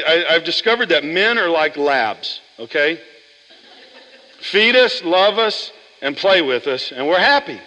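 A man pastor preaching a sermon in a church, animated and chatty, often asking the congregation questions. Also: medium pitch, long reverb tail, poor audio. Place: church sanctuary.

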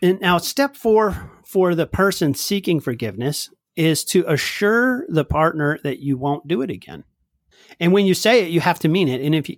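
Animated man on a dry podcast mic. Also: fairly high pitch, dry recording. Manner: animated, acts out quoted lines, laughs easily. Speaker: podcast co-host. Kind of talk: casual chat.

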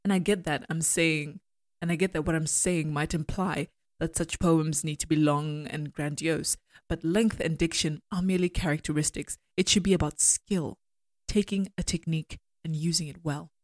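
A woman giving a measured, analytical critique of poems and reading lines aloud. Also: low voice, fairly even intonation, dry recording, clean studio sound. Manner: measured, deliberate, argumentative. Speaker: poetry critic.

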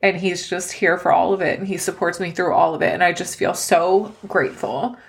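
A woman's voice: fairly low pitch, steady tone, a little fast, gravelly. A woman in her thirties hosting a personal podcast, talking earnestly and close to tears. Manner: earnest, emotional, tearful at times. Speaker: podcast host. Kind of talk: personal life-update podcast.

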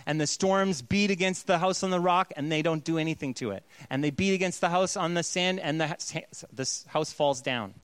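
Man, pastor, sermon, high voice, playful and conversational, dry close sound. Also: brisk, few pauses, fairly bright tone, smooth, dry recording.

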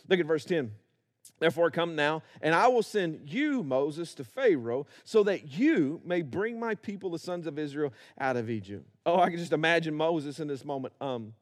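High-voiced pastor preaching. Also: male voice, lively intonation, normal speed. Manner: preaching, acting out biblical voices, building to rhythmic repetition. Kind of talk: sermon.

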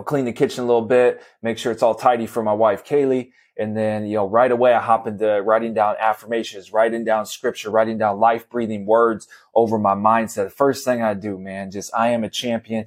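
Male podcast host, casual energetic storyteller, chatty with fillers. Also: on the low side. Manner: energetic, conversational, lots of fillers like "man" and "you know".

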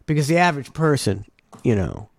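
A man's voice: medium pitch, big pitch swings, brisk, no room sound. Rambling man with a dry close sound. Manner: rambling, many fillers and restarts, laughs easily. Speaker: podcast co-host. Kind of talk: casual chat.

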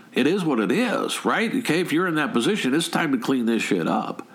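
A man's voice: mid-range voice, very animated, normal speed. A middle-aged man giving a motivational talk, emphatic, firing rhetorical questions and often repeating or restarting words. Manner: frequent word repeats and restarts. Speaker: motivational speaker.

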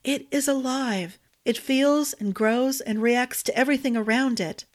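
A woman's voice: sits high, unhurried, pitched above the performer's own voice. A woman voicing a young princess in disguise who speaks in an insistent, earnest way.

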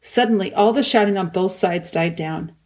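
A woman narrating a children's novel in a calm, measured audiobook reading. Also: on the low side. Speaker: audiobook reader.

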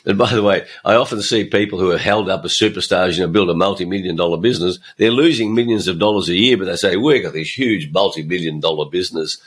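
A man's voice: low voice, quick pace, hardly any pauses, slightly rough. A middle-aged man, hosting a motivational podcast monologue and stressing his points by repeating phrases. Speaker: podcast host and coach.

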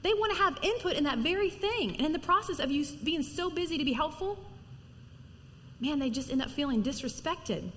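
A middle-aged woman preaching to women in a lively, conversational sermon, acting out little stories as she goes. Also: high-pitched, brisk, in a large hall, slight background noise. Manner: lively, animated storytelling with acted-out quotes. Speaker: women's ministry speaker.

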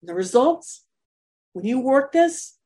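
A middle-aged woman coaching parents in a motivational live-stream talk, emphatic and energetic, blunt and casual. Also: high voice, a little slow, breathy edge.

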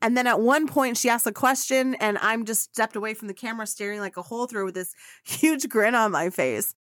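Woman podcast host with a higher voice and a dry, close sound; gushing, excitable storyteller who swears casually. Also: brisk, dry recording.

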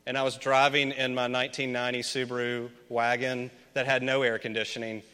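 A man's voice: medium pitch, little pitch movement, a little fast, bright, forceful tone, smooth. A man from Memphis preaching a conversational sermon as a pastor, chatting with the congregation and putting questions to them. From Memphis, USA. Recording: long reverb of a large hall.

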